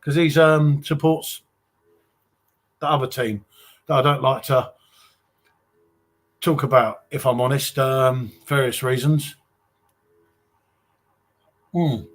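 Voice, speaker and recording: A man's voice: mid-range voice, fairly even intonation, takes it slowly, pauses often. A man with an English accent hosting a live stream, chatting casually and reading out viewer comments, calling everyone mate. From England. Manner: chatty, reads viewer comments aloud, calls people mate.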